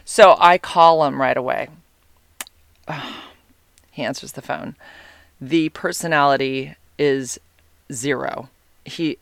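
Young guy, casual storyteller, a bit high-pitched, lively, dry close mic. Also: no room sound. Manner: animated, chatty, quotes texts aloud.

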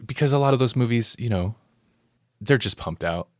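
A man's voice: medium pitch, animated, moderate pace, no room sound, clean studio sound. A man co-hosting a podcast, chatting casually about movies and acting out scenes with quoted voices. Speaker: podcast co-host.

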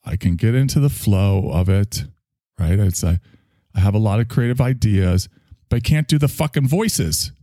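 Male stream host, low voice that swings up and down, rambling, self-reflective, profane. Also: animated, normal speed, warm tone, no echo, clean studio sound. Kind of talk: casual monologue to an online audience.

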